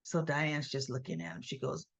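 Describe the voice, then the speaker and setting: A woman's voice: deep voice, steady tone, normal speed, creaky. A woman host recapping a soap opera in a chatty, opinionated storytelling manner. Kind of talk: casual recap narration.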